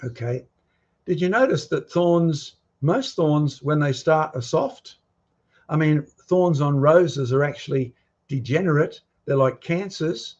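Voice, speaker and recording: A man's voice: a little high, muffled recording. A man giving a lecture with slides to a live audience, speaking emphatically and quizzing his listeners with provocative questions. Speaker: guest lecturer.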